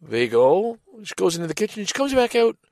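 A middle-aged man telling a casual personal anecdote in a rambling, halting way, with sighs and restarts. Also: sits high, big pitch swings, darkish tone, no echo, clean studio sound. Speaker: storyteller.

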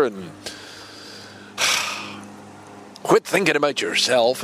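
Sitting on a park bench amid a noisy background, a middle-aged podcast host delivers a casual, rambling monologue in a creaky, mid-range voice. He acts out both sides of an imagined conversation.

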